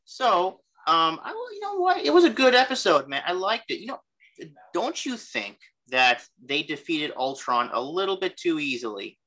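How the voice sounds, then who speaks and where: A man co-hosting a casual podcast, rambling excitedly and acting out quotes. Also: high voice, normal speed. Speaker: podcast co-host. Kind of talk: casual chat.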